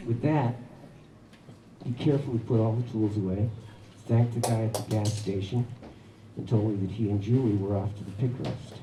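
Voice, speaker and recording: A man with a fairly low voice tells a personal story to a live audience in a wry, chuckling manner. His voice rings around an echoey shop. Steady background noise runs beneath it. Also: moderate pace, far from the mic. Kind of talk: live anecdote telling.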